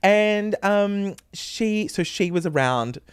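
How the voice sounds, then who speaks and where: A man's voice: takes it slowly, clean tone, no echo, studio quality. A man, co-hosting a podcast and telling a story in casual chat, acting out what people said. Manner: animated, acts out quotes with big pitch jumps. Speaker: podcast co-host.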